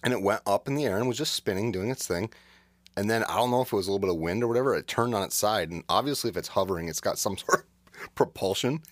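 A man's voice: lowish voice, fast, no room sound. A man co-hosting a podcast, chatting casually and laughing often as he tells a story. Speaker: podcast co-host. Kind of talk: casual chat.

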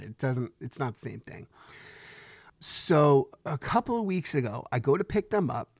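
Frustrated dad talking dry and close. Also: male voice, medium pitch, very animated, normal speed, gravelly, no room sound. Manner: conversational storytelling, frustrated. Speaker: podcast host. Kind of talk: solo podcast monologue.

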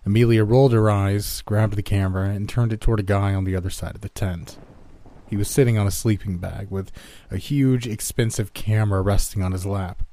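A man narrating a horror story in a steady, measured reading. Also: fairly low pitch, no echo.

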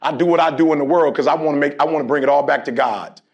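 A man with a high voice gives a preacher-like pep talk to a college sports team. He tells stories playfully and acts out the other people's lines. Then he builds to emphatic, shouted call-and-response. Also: fast, vocal fry, lo-fi sound. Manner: storytelling and playful, acting out conversations. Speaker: motivational speaker addressing a college sports team.

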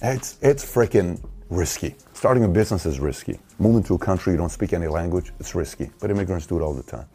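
Deep husky man in his forties. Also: lively intonation, quick pace, hardly any pauses, mellow, faint music behind. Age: 40s. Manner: emphatic, fires rhetorical questions at the listener. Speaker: show host. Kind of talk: opinionated commentary.

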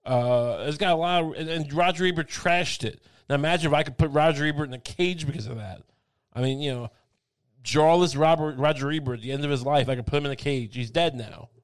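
A man's voice: on the high side, a little fast, smooth. A man co-hosting a podcast, riffing with crude, profane jokes in casual chat.

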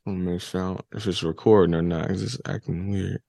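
A man's voice: deep voice, fairly even intonation, fast talker, creaky, mellow, no room sound, clean studio sound. A man guest on a podcast, talking laid-back and casual, swearing freely.

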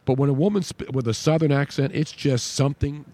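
A man's voice: mid-range voice, steady tone, fairly quick, warm tone, no echo. A man hosting a talk radio show, chatting loosely and reading a live ad. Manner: chatty, rambling.

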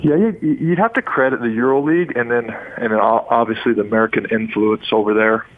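A man in his thirties from Utah, once a pro basketball player, calls into a sports radio show as a guest and rambles through stories with enthusiasm, often restarting. His mid-range voice is a little fast, there's no echo, and the phone line sounds tinny.

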